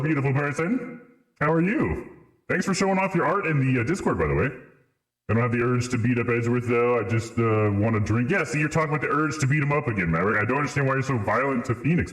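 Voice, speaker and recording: A man's voice: medium pitch, a bit bright. A man streaming a game live, bantering playfully with chat and laughing often. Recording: roomy echo with music behind.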